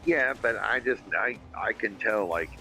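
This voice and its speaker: A man's voice: lowish voice, measured pace, creaky, pushed and bright, soft background music, poor audio. A man hosting a casual livestream, rambling and swearing freely as he reads viewer comments aloud. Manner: rambling, profane, emphatic. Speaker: livestream podcast host.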